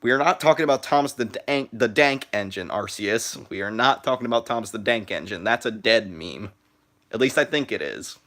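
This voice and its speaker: A teenage boy live streaming from his phone, chatting in a halting way with lots of "uh" and "like" and restarted sentences. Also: fairly low pitch, animated, a bit bright. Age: teens. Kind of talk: rambling live stream chat.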